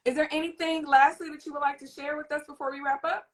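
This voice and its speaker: A woman hosting a parenting talk, explaining in a lively, teacherly way and addressing the audience directly. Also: sits high, fast. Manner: animated, teacherly, demonstrates a soothing voice. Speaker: host and parenting coach. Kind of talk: live interview chat.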